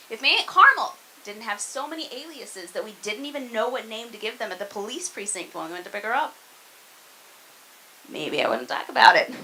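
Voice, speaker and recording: A young woman from Arkansas works a comedy club crowd with a bright, ringing voice that sits a little high. She talks to the audience like friends, mocking herself and checking in with them often. The set has the loose, conversational pace of club stand-up. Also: animated, normal speed, a little hiss or hum, low-quality recording. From Arkansas, US South.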